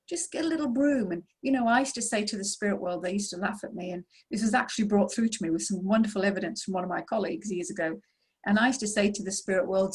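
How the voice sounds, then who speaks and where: A woman's voice: mid-range voice, husky. A woman answering questions as a mediumship teacher in an online session, explaining in an encouraging way.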